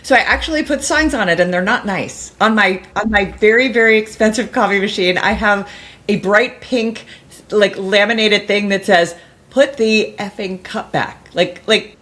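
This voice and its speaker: A middle-aged woman, a guest author, telling a story in a casual interview, rambling with many restarts and bursting into lively mimicked voices. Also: medium pitch, moderate pace.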